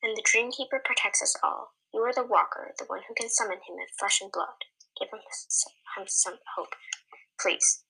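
A woman voicing a stern, protective tribal elder who speaks in a hushed, urging way in a storybook reading. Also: fairly high pitch, a little fast, vocal fry, few pauses, slightly rough, heavily acted, rough recording.

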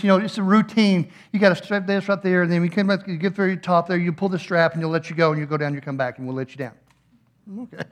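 A middle-aged man, a pastor preaching a sermon and telling a funny story with animated, playful acted-out voices. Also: sits high.

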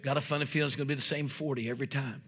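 A man preaching a sermon as pastor, with fervent emphatic delivery that swings from loud outbursts to quieter asides and acts out little scenes. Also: medium pitch, fairly even intonation, racing. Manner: fervent preaching with repetitions and rising emphatic shouts.

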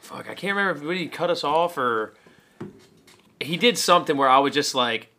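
Casting: male podcast co-host, slightly high voice, animated, swears a lot. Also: moderate pace, slight background noise. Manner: animated storyteller, swears freely. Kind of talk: casual chat.

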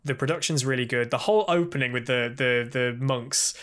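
A man co-hosting a podcast in casual chat, animated and chatty, often repeating words as he starts his sentences. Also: medium pitch, fairly quick, clear, resonant tone. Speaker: podcast co-host.

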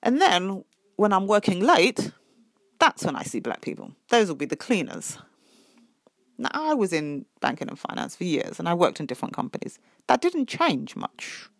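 Woman, middle-aged, low voice, lively pitch, emphatic podcast testimony. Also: normal speed, gravelly, dry recording, studio quality. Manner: emphatic, animated storytelling. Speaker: parent sharing her experience.

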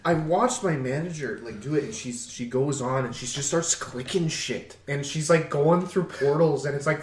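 A man's voice: a little high, normal speed, hardly any pauses, distant mic. A man tells a story in casual chat, laughing and swearing. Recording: echoey room, off-mic, crowd noise.

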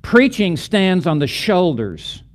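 A man's voice: high-pitched, sing-song, takes it slowly. A middle-aged man teaching a lecture on preaching, building emphatic, rhythmic lists of repeated phrases.

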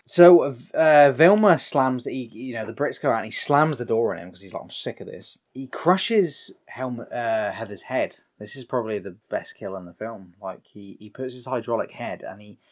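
Young guy, casual film-recap chat; lively, swinging pitch and a habit of acting out every character's lines. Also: a little slow. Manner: animated storyteller, acts out characters' lines, swears freely. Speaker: podcast co-host recapping a film.

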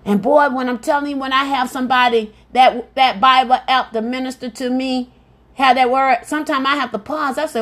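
A woman hosting a devotional podcast preaches fervently in a high, slightly bright voice at a fairly quick pace. As an evangelist, she repeats her phrases and punctuates them with cries of praise.

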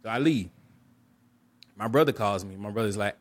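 A man with a fairly low voice tells a personal story on a podcast. He talks candidly and reflectively, often restarting and repeating words as he works through his thoughts. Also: brisk, long pauses, no room sound. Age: adult. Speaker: podcast co-host.

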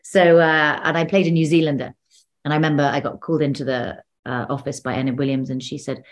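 Low-voiced woman chatting on a video call. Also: flat delivery, fast. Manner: chatty, restarts often, laughs between stories. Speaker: actor and guest. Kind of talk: casual interview chat.

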